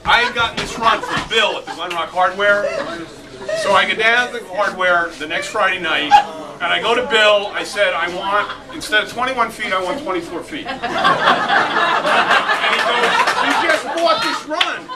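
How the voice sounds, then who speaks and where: A middle-aged man telling a comic anecdote at a reunion, laughing as he goes and breaking into loud outbursts. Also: high voice, normal speed, heavy background noise. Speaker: storyteller at a reunion. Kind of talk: animated anecdote told to a crowd. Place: crowded reunion gathering. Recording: distant camera audio in loud crowd.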